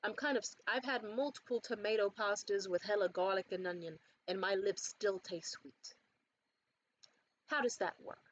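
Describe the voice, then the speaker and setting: A young woman in casual vlog chat about a beauty haul, animated and swearing freely, jumping up high when quoting others. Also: moderate pace, muffled recording. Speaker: beauty vlogger. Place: bedroom.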